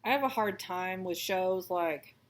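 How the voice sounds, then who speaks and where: A woman's voice: on the low side, measured pace. A woman in her thirties, raised in Texas, chatting in a rambling, self-deprecating way while she stitches. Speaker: stitching vlogger. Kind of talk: casual chat while stitching.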